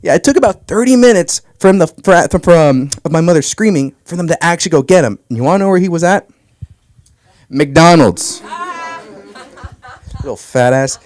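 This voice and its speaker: A man's voice: on the high side, animated, normal speed, a little mellow, no room sound. A young man telling crude, brash stand-up stories about his family on a comedy club stage. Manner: brash storytelling, crude punchlines.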